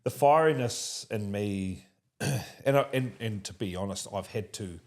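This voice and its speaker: A man with a New Zealand accent hosts a relaxed conversation. His voice sits fairly low. He talks in an animated way, laughs often and restarts his thoughts as he goes. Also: unhurried. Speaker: interviewer. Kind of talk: casual conversational interview.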